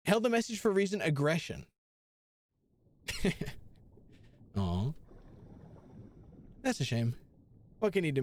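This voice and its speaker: Lively, high-voiced young male streamer. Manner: playful, swinging between bits and mock pleading. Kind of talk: casual live-stream gaming chat.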